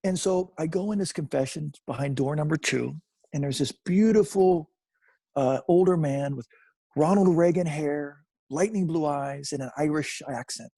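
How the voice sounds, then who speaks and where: Fifties male guest, video call, a bit higher-pitched and husky, animated storyteller who repeats himself for emphasis. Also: normal speed. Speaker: guest in recovery. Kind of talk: personal storytelling.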